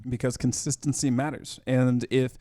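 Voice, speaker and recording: A man co-hosting a business podcast, explaining ideas in a steady, matter-of-fact way. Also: mid-range voice, normal speed, no room sound, studio quality. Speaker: podcast co-host. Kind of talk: casual explanatory talk.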